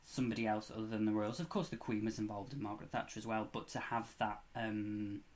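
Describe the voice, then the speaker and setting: A young man hosting a reaction video, talking in an excited, chatty, gushing way. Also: on the low side, quick pace. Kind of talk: casual reaction commentary.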